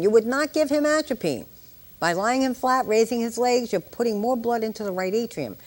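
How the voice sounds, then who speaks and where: Joking older woman lecturing nurses. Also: medium pitch. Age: 60s. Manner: joking, chatty asides to the class. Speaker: nurse educator. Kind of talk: live exam-prep lecture.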